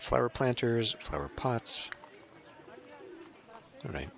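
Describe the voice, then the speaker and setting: A man's voice: on the low side, vocal fry, a bit bright, a little hiss or hum. A man giving casual gameplay commentary as a let's play host, chatty and thinking aloud.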